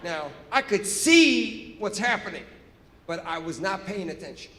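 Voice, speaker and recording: A man doing stand-up, telling a story in an animated, profane way and acting out scenes on stage. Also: high voice, measured pace. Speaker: stand-up comedian. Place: stage in a large hall. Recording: echoey hall with reverb.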